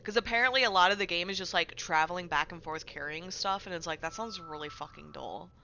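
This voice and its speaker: A young woman streaming from home, her voice sitting a little low but with a tense, forceful edge. She talks loose and profane, rambling through fillers while she plays and answers her chat. It sounds offhand and unscripted. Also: fast talker, gravelly, muffled recording, slight background noise. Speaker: game streamer. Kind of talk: casual live-stream chat while gaming.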